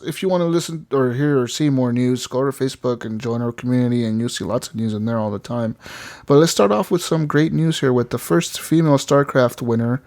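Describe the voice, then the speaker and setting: A man's voice: mid-range voice, fairly quick, a little mellow. A man hosting a gaming podcast, chatting casually, rambling with frequent laughs and swearing. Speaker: podcast host.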